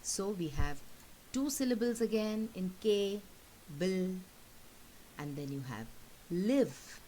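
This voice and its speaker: The woman teacher in this recorded lesson speaks on the low side, with an expressive, mellow voice. She is patient, saying each word twice and slowly to model its pronunciation, and the poor audio has a faint hiss.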